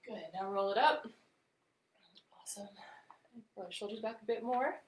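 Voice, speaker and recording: A woman vocal coach leading a live-streamed warm-up with gentle, encouraging instructions. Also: medium pitch, normal speed, echoey room, slight background noise, poor audio.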